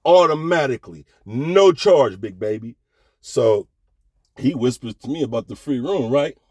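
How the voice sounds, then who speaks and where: A middle-aged man spins a casual story with loose, slangy energy and keeps asking if you follow him. His voice sits at an ordinary middle pitch. It is recorded close and dry, with no room sound. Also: unhurried, breathy edge, dry recording. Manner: animated, slangy, keeps checking in with the listener.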